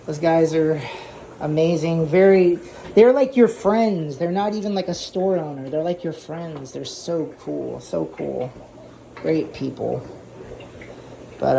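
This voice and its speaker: Man, casual hobby vlogger at home, rambling and self-amused, with a dark, gravelly voice. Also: on the high side, a little hiss or hum. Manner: rambling, repeats himself, chatty and self-amused. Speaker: aquarium hobbyist channel host. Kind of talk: casual show-and-tell vlog.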